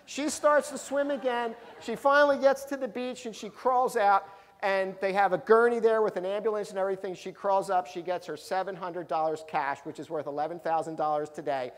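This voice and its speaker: A man giving a storytelling history talk to a live audience, animated, acting out the people in his stories. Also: high-pitched, brisk. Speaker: professional speaker, local historian. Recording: long reverb of a large hall.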